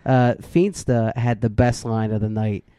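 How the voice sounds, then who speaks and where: A man's voice: mid-range voice, a little slow, clean tone, no room sound. A man co-hosting a casual movie chat, telling stories with lots of "like" fillers. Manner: animated storyteller, lots of "like" fillers.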